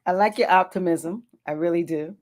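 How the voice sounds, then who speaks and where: A radio host interviewing a guest, curious, asking follow-up questions and giving quick affirmations. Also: medium pitch, darkish tone.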